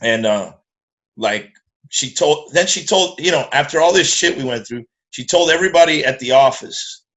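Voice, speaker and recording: A middle-aged man telling a profane, animated story in casual chat and acting out the voices of the people in it. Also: fairly high pitch, normal speed. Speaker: guest musician.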